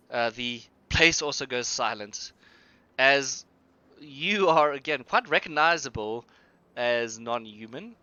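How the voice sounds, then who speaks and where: A man's voice: medium pitch, bright, forceful tone, clear, resonant tone, no echo, lo-fi sound. A man narrating a tabletop game on a live stream as game master, in a rambling, hesitant way.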